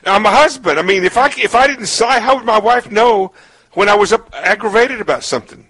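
A man's voice: sits high, animated, moderate pace, fairly bright tone, slightly rough, no echo, low-quality recording. A man hosting a radio talk show, chatting casually and joking, repeating words as he starts his sentences.

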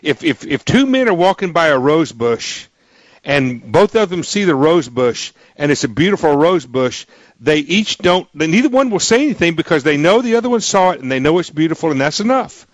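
Animated male radio host. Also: a little high, moderate pace, no room sound. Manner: emphatic, joking, restarts a lot. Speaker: radio talk show host. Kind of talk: radio call-in interview. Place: radio studio.

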